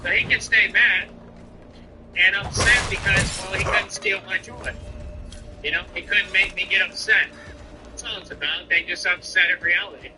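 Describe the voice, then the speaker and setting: A man's voice: high-pitched, fairly even intonation, moderate pace, over music, poor audio. A man streamer ranting defiantly and boastfully over his gameplay. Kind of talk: livestream rant over gameplay.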